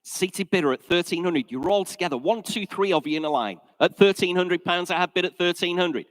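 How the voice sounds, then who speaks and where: Brisk English auctioneer, high voice. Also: male voice, no echo, low-quality recording. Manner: brisk, chatty, jokes with bidders. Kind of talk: live auction calling. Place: auction sale room.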